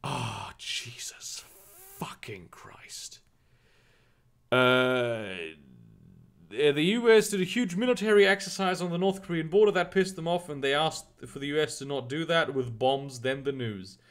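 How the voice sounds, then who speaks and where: A man's voice: fairly high pitch, a little fast, few pauses. A man streaming live, rambling and swearing in exasperation as he reads the news and answers chat. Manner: rambling, profane, exasperated, with frequent restarts. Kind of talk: casual live-stream commentary.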